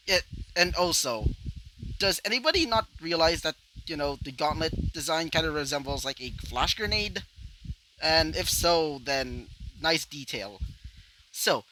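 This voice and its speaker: A man's voice: on the high side, pushed and bright. A man casually narrating a fan story, rambling with many fillers and asides. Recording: noisy home recording.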